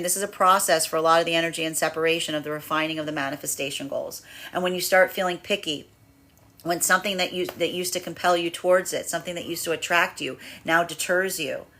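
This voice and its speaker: Bright-voiced woman giving a tarot reading. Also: on the low side. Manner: rambling and animated, acts out inner voices with laughs. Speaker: tarot reader. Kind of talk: spiritual energy reading, monologue.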